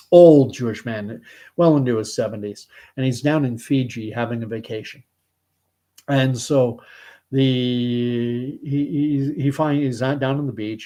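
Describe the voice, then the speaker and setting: A middle-aged Canadian man with a Canadian accent talks casually into the camera, reading out viewer comments in a mellow, unhurried tone. He rambles, stumbles and restarts his sentences, and chuckles at his own asides. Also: medium pitch. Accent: Canadian English. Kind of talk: casual vlog chat.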